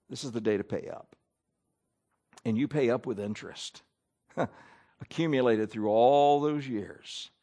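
Animated male preacher with lively pitch. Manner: animated preaching with rising and falling emphasis. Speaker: pastor. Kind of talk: sermon.

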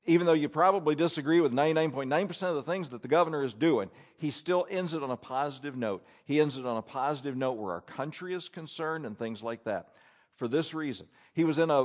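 A man preaching a sermon from an outline, acting out grumbling asides with lively energy. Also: fairly high pitch. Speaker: pastor.

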